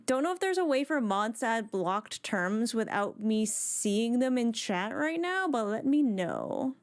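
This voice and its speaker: Woman streamer chatting w her viewers, kinda high voice, friendly hellos to chat, home desk mic. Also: big pitch swings, measured pace. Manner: chatty, greets chat members one by one. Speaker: live game streamer. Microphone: desk microphone.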